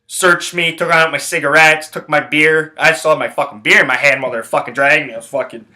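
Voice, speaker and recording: A young Canadian man who hosts his own show rambles through a story at a quick pace, swearing in almost every line. His slightly high voice comes across bright and forceful. Speaking casually, he restarts sentences and jumps around, growing loud and animated in a profane, rambling retelling.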